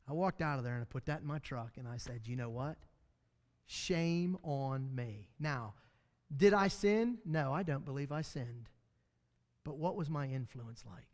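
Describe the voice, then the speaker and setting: Folksy man teaching in a reverberant church hall. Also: a little high. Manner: storytelling, folksy, self-deprecating humor. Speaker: Bible study teacher. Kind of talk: conversational Bible class teaching. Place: church classroom.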